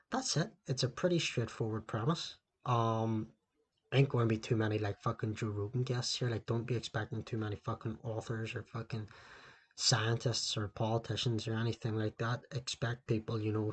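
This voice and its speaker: Husky, foul-mouthed man ranting solo. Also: on the low side. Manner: rambling, heavy swearing. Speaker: podcast host. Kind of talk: solo podcast rant. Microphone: laptop microphone.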